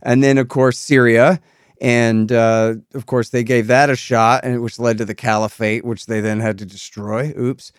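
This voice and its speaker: Ranting man with a smooth voice. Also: mid-range voice, little pitch movement, normal speed, no room sound, studio quality. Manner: ranting, sarcastic, swings from quiet asides to loud outbursts. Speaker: host. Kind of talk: animated political interview.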